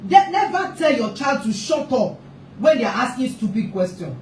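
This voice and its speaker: A woman's voice: on the high side, very animated, normal speed, darkish tone. A woman with a slightly raised voice gives an impassioned talk on parenting, hammering her points through repetition. She sits back from the mic in an echoey space, with a faint hum of ambience behind her. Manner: emphatic, repeats points for stress. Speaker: family therapist and parenting speaker. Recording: roomy echo, distant mic, faint ambience.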